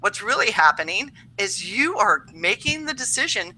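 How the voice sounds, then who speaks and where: A woman's voice: mid-range voice, sing-song, normal speed, pushed and bright, low-quality recording. A woman co-hosting a casual astrology show, reading tarot cards in a chatty, upbeat way with lots of fillers. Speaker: tarot reader co-host.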